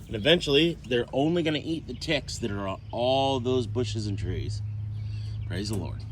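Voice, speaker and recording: Outdoors, a man talks about his homestead garden in a casual family vlog, chatty and playful, and coos at the animals. His medium-pitched voice is animated at a normal speed, with a little hiss or hum in the audio.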